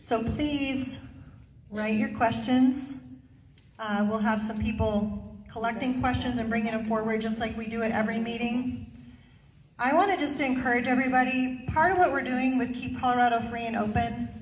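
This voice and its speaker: An earnest woman organizer speaks animatedly to a meeting. Her voice is slightly high. She sounds distant and echoey, with faint room noise behind her. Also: fairly even intonation, moderate pace. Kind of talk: addressing a meeting. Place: hall. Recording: echoey hall from far off.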